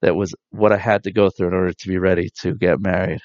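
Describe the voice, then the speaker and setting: A man, likely in his thirties, giving an earnest, reflective spiritual talk with soft pauses. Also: low voice, little pitch movement, dry recording. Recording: dull dry lo-fi sound.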